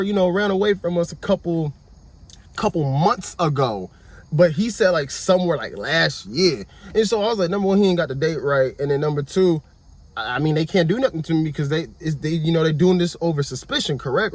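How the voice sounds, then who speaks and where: A man's voice: sits high, no echo. A young man telling a story casually as a vlogger, acting out dialogue and often repeating "I was like.".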